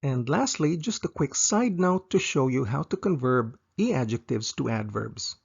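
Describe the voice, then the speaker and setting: Gravelly-voiced man teaching slowly. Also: medium pitch, very animated, highs cut off. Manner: slow, repeats each example twice. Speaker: language teacher. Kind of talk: scripted language lesson.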